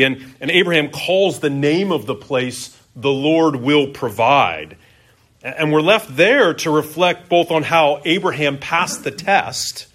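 A middle-aged man preaching a sermon as pastor, conversational, asking his listeners questions and often pausing on "uh". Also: fairly high pitch, fairly bright tone. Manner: conversational, asks the congregation questions.

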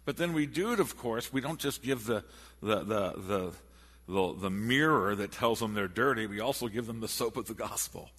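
A man preaching a sermon in an animated, storytelling way, often restarting his phrases. His lower voice is bright yet husky and swings lively in pitch. It rings out in a long, echoey church hall. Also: moderate pace.

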